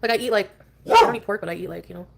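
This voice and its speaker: A woman's voice: mid-range voice, very fast, vocal fry, very noisy. A woman livestreamer chatting in a scattered way, drifting from one topic to the next. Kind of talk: rambling livestream chat.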